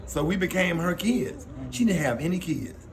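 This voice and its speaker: Middle-aged Southern comedian, casual and animated, acting out quotes, slightly raised pitch, faint noise behind. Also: male voice, normal speed. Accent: Southern US, Alabama. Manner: animated, laughs often, acts out quotes. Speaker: comedian telling a story. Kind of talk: casual storytelling.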